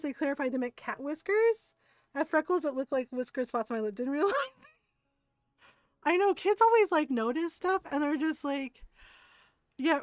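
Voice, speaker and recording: High-voiced woman telling a story. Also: dry recording. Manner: animated, laughs often, quotes others in lowered voices. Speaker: streamer. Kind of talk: casual storytelling to chat.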